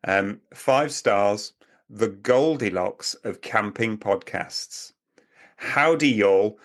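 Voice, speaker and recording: Chatty man, lowish voice. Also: slow. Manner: rambling, chatty, laughs often. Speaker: podcast co-host. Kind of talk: casual chat.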